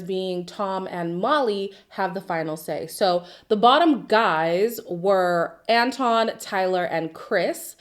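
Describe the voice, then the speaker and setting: A woman hosting a casual reality TV recap, chatty and sassy, talking straight at the people she reviews and ending her points with a pointed "okay?". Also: medium pitch.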